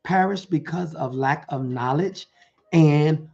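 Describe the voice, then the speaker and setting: A man's voice: fairly high pitch, takes it slowly, creaky, mellow, muffled recording. A man preaching motivation to an online audience, speaking in rhythmic, rhyming phrases and often checking in with his listeners. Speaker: motivational preacher and life coach.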